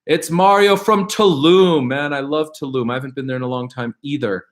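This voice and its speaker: A man's voice: a little high, brisk. Upbeat middle-aged man answering questions live. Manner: animated, upbeat, rambling with fillers and restarts; reads viewer questions aloud. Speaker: host answering viewer questions. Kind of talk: live Q&A casual chat.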